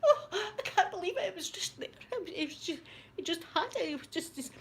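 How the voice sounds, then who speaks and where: Woman playing a shaken religious scottish lady, breathless and high, pitch all over the place. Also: expressive, a little fast. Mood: shocked. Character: prim, religious older woman, shaken and faint.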